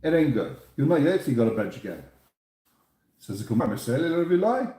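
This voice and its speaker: A man's voice: mid-range voice, very animated, fast, mellow, roomy sound. A man teaching a Talmud lesson, asking questions and answering them himself, with Hebrew and Aramaic terms mixed into his English. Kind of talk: Talmud lecture.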